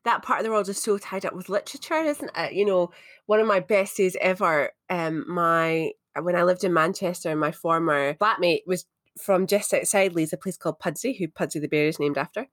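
A Scottish woman chats enthusiastically as co-host, piling on quick asides. Her voice sits a little low. The recording is dry and close. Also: dry recording. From Scotland. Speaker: podcast co-host. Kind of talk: casual chat.

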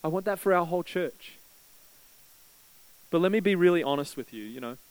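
A man's voice: lively intonation, brisk, no echo, rough recording. A man preaching a sermon as pastor, telling a story and acting out the voices in it. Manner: storytelling, acts out quoted prayers with rising pitch.

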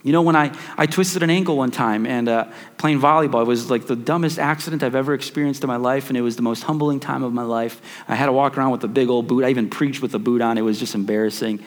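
A man's voice: medium pitch, steady tone, quick pace, hardly any pauses. A pastor in his thirties preaching a sermon, repeating key phrases for emphasis and restarting his sentences often. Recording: long reverb of a church hall.

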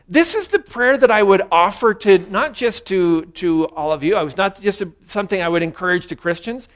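A man's voice: high voice, lively intonation, fairly quick, hardly any pauses, fairly bright tone. A man preaching a sermon, earnestly walking through a passage and leading the congregation in a spoken prayer. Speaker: pastor.

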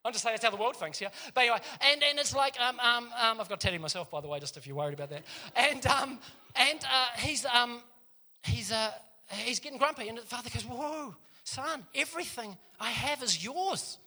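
High, bright-voiced New preacher. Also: male voice, fast. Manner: lively storytelling with joking asides to the congregation. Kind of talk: sermon.

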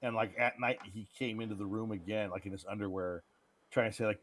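A man co-hosting a podcast, chatting casually about bad movies and telling stories with lots of swearing and dark jokes. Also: on the low side, brisk, dry recording. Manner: animated storyteller, swears freely, dark jokes. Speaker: podcast co-host. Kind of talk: casual movie-review chat.

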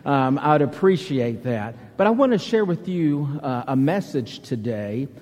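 In the echoing hall of a church sanctuary, a middle-aged Southern-accented Alabaman preaches as a guest, folksy and full of jokes, in a conversational style. He is very animated yet measured, with a medium-pitched, darkish voice.

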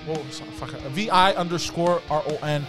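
A man's voice: on the high side, fairly quick, music in the background. A man hosting a comedy podcast, bantering loosely, swearing, laughing and stumbling over his words. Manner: rowdy, swearing, laughs a lot, stumbles and restarts. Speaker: podcast host.

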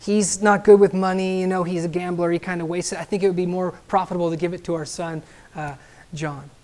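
Cast a man as a tearful wife, quick and persuasive, a pulpit story. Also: sits high, steady tone, a little mellow, close to an everyday voice. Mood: pleading. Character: tearful wife arguing over her husband's will.

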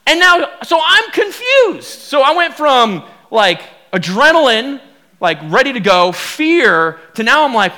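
A man, a pastor, telling a personal story in a sermon, animated and full of fillers and repeats as he acts out the quotes. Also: very high voice, unhurried.

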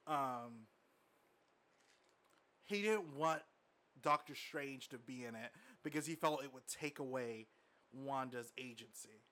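A man's voice: medium pitch, takes it slowly, pauses often, pushed and bright. A man co-hosting a podcast, talking casually with many fillers and laughs. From from outside the US. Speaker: podcast co-host. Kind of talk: casual chat.

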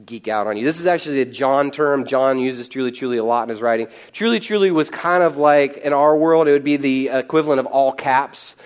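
A man preaching a conversational sermon on a Bible passage, animated and casual, with quick asides and chuckles. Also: medium pitch, smooth.

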